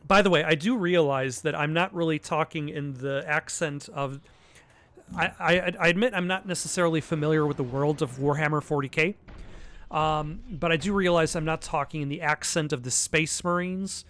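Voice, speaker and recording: A man's voice: fairly high pitch, fairly even intonation, normal speed, fairly bright tone. A man giving casual gameplay commentary, rambling and self-deprecating with lots of hesitant restarts. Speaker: let's play commentator.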